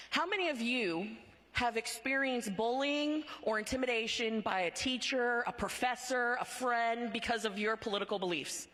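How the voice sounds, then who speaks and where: A woman's voice: a little high, normal speed, a bit bright. A woman giving a motivational conference speech, talking in short, punchy phrases and often checking in with a rhetorical "right?". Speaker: conference speaker. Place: large conference hall. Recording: long hall reverb from a large venue.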